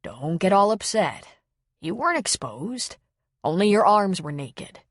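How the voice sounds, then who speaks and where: A woman narrator voicing a kind male pastor who speaks in a steady, measured, reassuring way. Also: mid-range voice, dry recording, clean studio sound. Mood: soothing.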